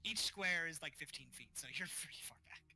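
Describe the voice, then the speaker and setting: A man's voice: on the high side, a little fast, very noisy. A man narrating as game master of a tabletop game, casual and full of fillers. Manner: casual, filler-heavy narration with voiced characters.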